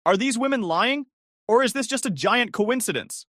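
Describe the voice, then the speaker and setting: A humiliated young bride seething with fury, as a male storyteller puts her on. Her words come out high and spat, and the pitch lurches up and down. The voice is close and dry. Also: lively intonation, moderate pace, sharp tone, no echo, heavily acted. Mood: furious. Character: betrayed bride, young woman, furious.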